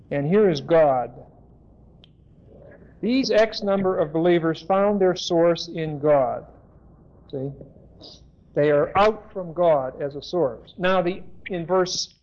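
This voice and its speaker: Guy teaching a bible passage real slow, slightly high voice, muffled lo-fi tape. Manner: deliberate, spells out Greek words, stops to correct himself. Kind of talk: slow expository Bible lesson. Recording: dull lo-fi sermon tape.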